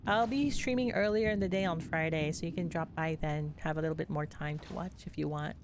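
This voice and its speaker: A woman's voice: low-pitched, fairly quick, background noise. A woman streamer chatting casually with her viewers while playing a game, chatty and giggly. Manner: chatty, giggly, talks to chat. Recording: game music behind.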